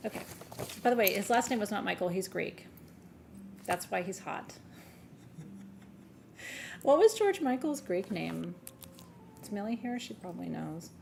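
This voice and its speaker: A woman hosts a live sale stream in a loose, gushing way and swears now and then. Her voice sits a little low and has a gravelly fry to it. A faint hiss of noise runs underneath. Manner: gushing, chatty, swears, laughs easily. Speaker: host of a live gem sale. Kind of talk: casual live-stream chat.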